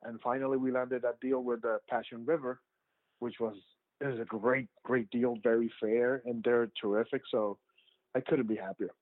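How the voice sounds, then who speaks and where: A documentary filmmaker, a man, tells his story loosely and chattily, stumbling through fillers and restarts. His voice comes through a thin, narrow, phone-like line. There is no room sound at all, and his pitch sits at an ordinary middle level. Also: steady tone, moderate pace, no echo. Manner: rambling, full of "like" fillers and restarts. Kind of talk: casual storytelling interview answers. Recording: tinny phone-like line, dry.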